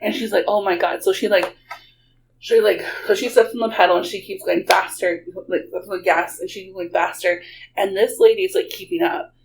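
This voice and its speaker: Woman guest, lilt, animated and giggly, mid pitch, light hum underneath. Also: a little fast, creaky, low-quality recording. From Texas. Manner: animated, laughs often, many "like" fillers. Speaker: guest storyteller. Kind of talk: casual storytelling.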